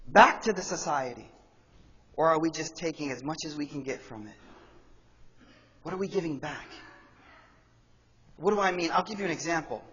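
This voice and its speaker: A man preaching with a fairly high voice, swinging from booming emphasis to hushed reflection as he acts out quoted speech. His words ring with a long reverb through a large hall, and the recording sounds muffled and dull. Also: breathy edge. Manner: passionate, acts out quoted voices, addresses brothers and sisters. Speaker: imam giving Friday sermon. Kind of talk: sermon.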